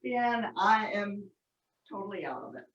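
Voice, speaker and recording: A woman's voice: medium pitch, big pitch swings, unhurried, fairly bright tone. A woman karate student answering her instructor hesitantly and self-deprecatingly over a video call. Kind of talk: casual chat. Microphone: video call, away from the mic. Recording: echoey, distant, lo-fi call audio.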